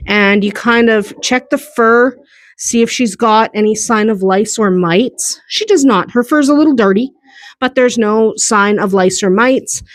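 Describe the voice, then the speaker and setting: Woman farm vlogger, brightly pitched, easygoing and chatty with frequent laughs, recorded outdoors. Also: a little slow, dry recording. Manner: chatty, laughs often, jokes with the animals. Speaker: farm vlog host. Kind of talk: casual walk-and-talk farm vlog. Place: outdoors on a muddy, snowy farm.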